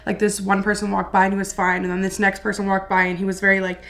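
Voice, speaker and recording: A woman's voice: medium pitch, monotone, fast talker, creaky, fairly bright tone. A woman hosting a casual video reaction, chatty and easily spooked, talking about pets and ghosts.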